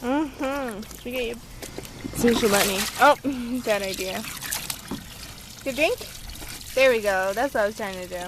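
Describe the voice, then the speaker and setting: A young woman vlogs from her yard in an unhurried, chatty way, her voice sitting a little high. She giggles often and coos at her dog in a sing-song voice. The home-video recording carries clear outdoor noise and animal sounds behind her. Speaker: vlogger filming her pets. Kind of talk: casual chat to camera.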